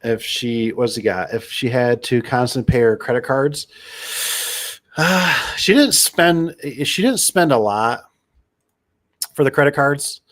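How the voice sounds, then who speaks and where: A man's voice: mid-range voice, animated, measured pace, pauses often, fairly bright tone. A middle-aged man telling stories in a casual, rambling monologue, repeating himself and getting fired up. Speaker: podcast host.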